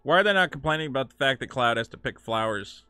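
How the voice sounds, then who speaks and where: A man's voice: medium pitch, expressive, quick pace, pushed and bright, clear, resonant tone, dry recording, faint music behind. A man giving casual, rambling gameplay commentary, crude and joking, swearing freely. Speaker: gaming streamer.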